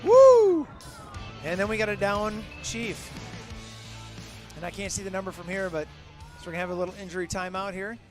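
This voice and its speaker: A middle-aged man calling a local high school football game as play-by-play announcer, openly rooting for the home team and shouting on big plays. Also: level tone, a little fast, music in the background. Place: outdoors at a football field. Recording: crowd and outdoor noise behind. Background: crowd noise from the stands.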